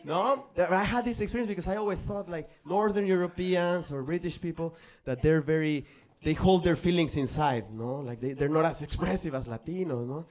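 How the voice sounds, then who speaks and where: A man from Mexico performing a stand-up comedy set on stage, telling stories animatedly and acting out voices, with swings between loud and soft delivery. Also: a little high, brisk, few pauses. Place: comedy stage before a live audience. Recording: live club crowd audible. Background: audience laughter.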